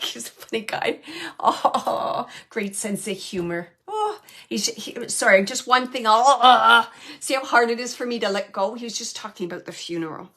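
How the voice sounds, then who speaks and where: A woman's voice: on the high side, expressive, measured pace, pushed and bright. A woman hosting a show and giving a live mediumship reading, searching for words with many restarts.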